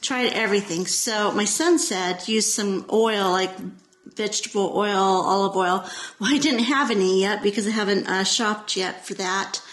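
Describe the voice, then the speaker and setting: A woman's voice: medium pitch, normal speed, a bit bright. A middle-aged woman talking casually to her viewers from home, rambling with lots of "you know" and restarts. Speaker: vlogger. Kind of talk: casual talking-to-camera vlog. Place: at home, indoors.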